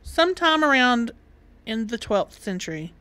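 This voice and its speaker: A woman's voice: a little high, sing-song, moderate pace, fairly bright tone, dry recording. A woman with a Southern US accent, co-hosting a podcast in casual chat and laughing often. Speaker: podcast co-host.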